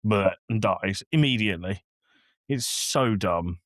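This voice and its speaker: A man's voice: fairly low pitch, a little slow, fairly bright tone, no echo, clean studio sound. A man co-hosting a podcast, ranting in a casual, exasperated way and acting out scenes. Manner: exasperated, ranting, acts out lines from the film. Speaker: podcast co-host. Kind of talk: casual film review chat.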